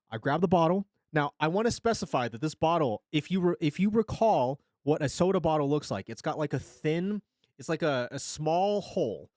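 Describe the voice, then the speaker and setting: A young man streaming, telling a comic story in an animated, dramatic way, swearing a lot. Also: a little high, no echo, clean studio sound.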